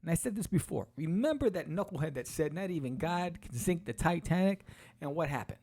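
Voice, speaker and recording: A man hosting a podcast, walking casually through a comic book and acting out its quotes in quick voices. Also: a little high, animated, darkish tone. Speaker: podcast host.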